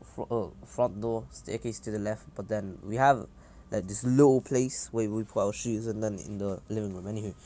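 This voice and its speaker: A man's voice: lowish voice, normal speed, dark tone. A man casually improvising a fan story, rambling with many fillers and asides. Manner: rambling, full of "uh" and "anywho".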